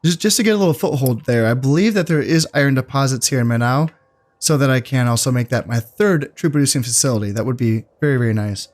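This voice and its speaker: A man casually commentating his strategy game, thinking aloud in a relaxed, musing way with fillers. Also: medium pitch, fast talker. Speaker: gameplay commentator. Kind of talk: casual let's-play commentary.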